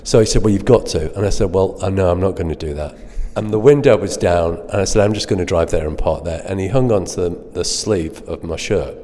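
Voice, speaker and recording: A middle-aged man, a guest in an interview, tells self-deprecating anecdotes and laughs at himself along the way. His deep, mellow voice moves fairly quickly with few pauses, trailed by a long reverb tail.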